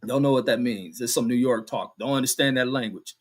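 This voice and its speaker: A man's voice: mid-range voice, a little fast. Profane, combative male stream host. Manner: angry, combative, reads viewer comments aloud then fires back; heavy cursing, slangy street talk. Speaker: show host reading chat comments. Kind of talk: profane live-stream rant.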